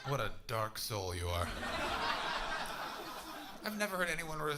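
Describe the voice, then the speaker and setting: A Canadian man in his thirties doing stand-up crowd work on a comedy club stage, loud and sweary, bursting into shouts. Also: mid-range voice, big pitch swings, a little slow, long pauses. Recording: audible crowd noise.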